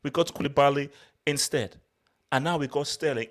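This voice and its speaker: A man co-hosting a casual football podcast, ranting loudly and excitably, repeating himself. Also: a little high, normal speed. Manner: loud, excitable, repetitive ranting. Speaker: podcast co-host. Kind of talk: heated casual football chat.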